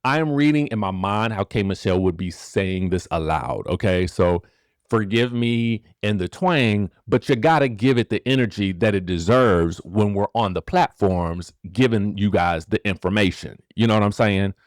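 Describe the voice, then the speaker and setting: A man hosting a casual celebrity gossip commentary, animated and rhetorical, who keeps asking the viewers questions and checking in with them. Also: on the low side, moderate pace, dry recording, clean studio sound. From rural area. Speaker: gossip show host.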